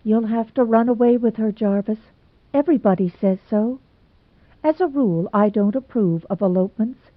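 A woman voicing a level-headed young woman teacher, giving advice in a brisk, cool, sensible way. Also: fairly high pitch, dry recording, pitched above the performer's own voice, lightly acted. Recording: tinny phone-like sound, dry.

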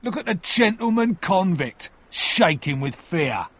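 A man voicing a rough, desperate convict who speaks loudly and defiantly. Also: high voice, big pitch swings, measured pace, voice pushed up, heavily acted. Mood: scornful. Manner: loud, forceful and defiant. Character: rough desperate male convict, fierce and bitter.

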